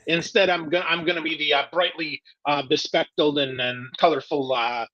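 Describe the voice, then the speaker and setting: A man's voice: a little high, steady tone, normal speed, a bit bright. A male podcast host speaking in a casual, upbeat and self-deprecating way during an interview. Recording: dull lo-fi sound.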